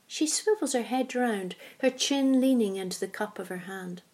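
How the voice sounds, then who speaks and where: Soft-spoken woman reading a story. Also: medium pitch, lively intonation, normal speed, hardly any pauses, breathy edge. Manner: soft, hushed narration. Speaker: narrator.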